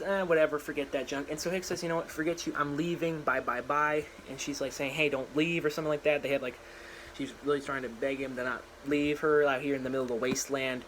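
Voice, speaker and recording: A man's voice: medium pitch, fairly bright tone, slight background noise, rough recording. A young man casually rambling through his own story idea in a slangy, filler-heavy monologue, recorded in a small room at home.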